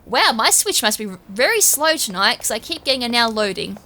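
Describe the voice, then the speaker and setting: A woman's voice: fairly high pitch, big pitch swings, brisk, bright, forceful tone. A woman, chatting through a video game playthrough in a rambling, self-correcting way. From Australia. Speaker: gaming streamer. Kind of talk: let's-play commentary.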